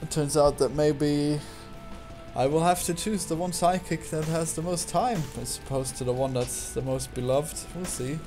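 Dry-spoken man over loud game music. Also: fairly high pitch, moderate pace. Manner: dry, understated, short replies. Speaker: game developer and host. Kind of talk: casual gaming chat.

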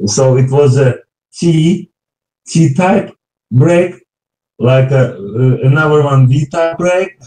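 A man's voice: a little high, mellow. Man with Russian accent, echoey and distant. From Baltic states. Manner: halting, swears casually. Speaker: video chat stranger. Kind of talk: casual video chat. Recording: echoey, far from the mic.

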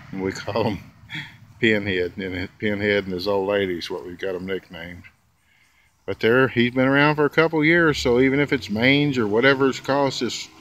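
A man with a fairly low voice talks in a slow, unhurried drawl as he feeds squirrels outdoors. His tone is bright and forceful, and he coaxes the animals with folksy pet names. Faint outdoor noise and passing traffic sit quietly behind him. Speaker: vlogger feeding squirrels. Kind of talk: casual running talk to animals. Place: outdoors in a yard.

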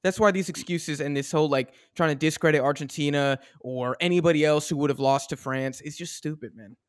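A man's voice: on the high side, brisk, no echo, studio quality. A man with an American accent co-hosting a casual football podcast, ranting animatedly in slang. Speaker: podcast co-host. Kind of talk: casual sports chat.

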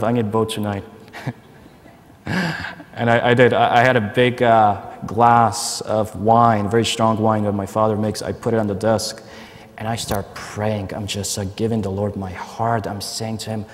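A man's voice: fairly low pitch, flat delivery, moderate pace. Earnest young man, echoing hall. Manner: earnest storytelling with stammered repeats. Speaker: conference speaker. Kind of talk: personal testimony talk. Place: large conference hall. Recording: long reverb of a large hall.

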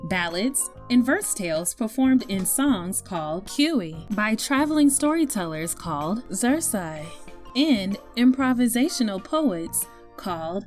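A woman reading a children's story aloud to young listeners in an expressive storytelling voice. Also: on the high side. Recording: faint music behind.

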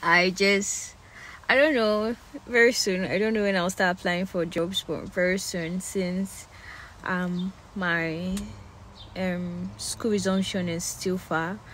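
A woman's voice: lowish voice, steady tone, slow, a bit bright, slight background noise. A young woman with a Nigerian accent, chatting casually to her phone camera outdoors in the cold, with lots of fillers and laughs. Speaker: vlogger. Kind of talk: casual vlog chat.

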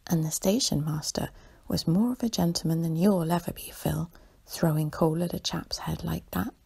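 A woman voicing a proud, bossy young boy in a soft whispered role-play for a bedtime story. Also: deep voice, moderate pace, exaggerated voice. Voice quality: husky, creaky whisper.

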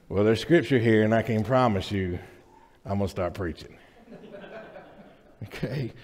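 A man's voice: fairly low pitch, moderate pace, pauses often. A man preaching a sermon to his congregation in a conversational, joking way, often checking in with the room. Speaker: pastor. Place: church sanctuary. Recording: reverberant church hall.

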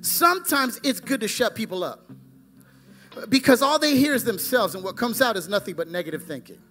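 A male pastor preaching a fervent sermon, swinging between loud exclamations and hushed asides. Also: high voice, lively intonation, fairly quick, faint music behind.

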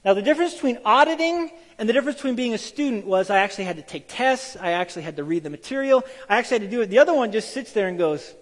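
With a high-pitched voice, a pastor preaches very fast with few pauses in a large hall. His sermon is lively storytelling, complete with acted-out voices for the people in his tales.

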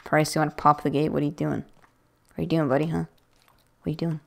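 A woman's voice: deep voice, level tone, fast talker, vocal fry. A woman giving chatty, rambling let's-play commentary with self-mocking jokes, into a USB desk microphone. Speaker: gaming video creator.

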